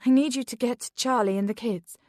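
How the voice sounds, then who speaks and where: A woman's voice: fairly high pitch, fairly quick, a little mellow, no echo, studio quality, pitched above the performer's own voice, natural voice. Woman doing a frantic, pleading mother. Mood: urgent. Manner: urgent, pleading. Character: frantic young mother on the run.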